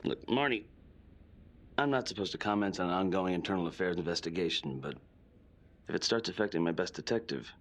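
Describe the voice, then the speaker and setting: A man's voice: low-pitched, animated, brisk, a little hiss or hum. An actor playing a stern but fatherly police captain in a video game.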